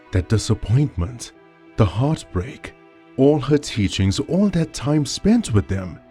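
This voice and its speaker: A man narrating a dark horror story in a slow, dramatic storytelling style. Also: fairly low pitch. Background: faint background music.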